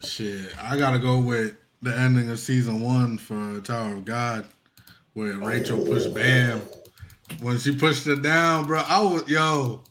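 A man on a casual panel, speaking in relaxed slang with halting restarts. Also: medium pitch, a little hiss or hum.

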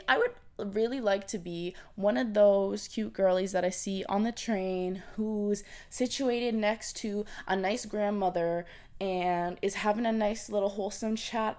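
A woman's voice: medium pitch, a little mellow. Chatty young woman podcast host. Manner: chatty and bubbly, with frequent likes and yeahs. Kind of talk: casual chat.

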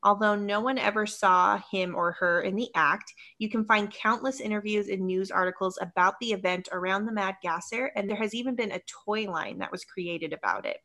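A woman co-hosts a casual podcast and walks through a local legend from her notes. Her voice is bright and clear, and she laughs easily between facts. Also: medium pitch, moderate pace, few pauses. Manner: giggly, lively storyteller who laughs often. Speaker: podcast co-host.

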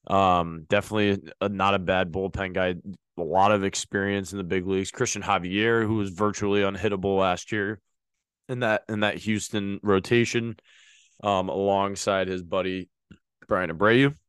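A man's voice: deep voice, steady tone, moderate pace, a bit bright, clear, resonant tone, no echo. A man hosting a sports podcast, talking casually and rambling with many fillers and restarts. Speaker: podcast host.

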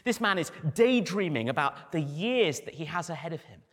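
A man preaching a sermon as pastor, animated, with dry humor and acted quotes. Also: fairly high pitch, normal speed, big-room sound.

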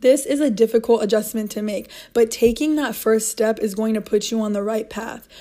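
A woman's voice: on the high side, fairly even intonation, moderate pace, dark tone. A young woman hosting a motivational podcast, talking in an earnest, encouraging way and repeating her key points. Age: young adult. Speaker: podcast host.

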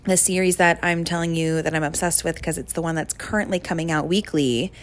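A woman's voice: fairly low pitch, fairly even intonation, fairly quick. A young woman hosting a casual solo podcast, chatty and gushing with lots of fillers. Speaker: podcast host.

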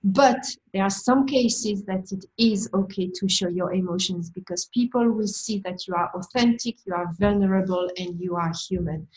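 A woman's voice: medium pitch, normal speed, hardly any pauses, a little mellow, rough recording. A woman guest who manages a team, talking frankly and reflectively in a conversational storytelling way, with small restarts.

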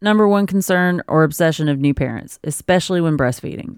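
A woman's voice: low voice, a little fast, darkish tone, smooth, no echo, clean studio sound. A woman co-hosting a casual podcast, reading parenting advice aloud and breaking off into laughing asides. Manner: reads aloud then riffs with laughing asides. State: expecting a baby. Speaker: podcast co-host.

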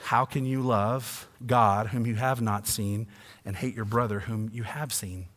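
A man preaching a sermon, swinging from hushed asides to loud, emphatic passages. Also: fairly low pitch, fairly even intonation, unhurried. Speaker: pastor. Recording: long reverb of a church hall.

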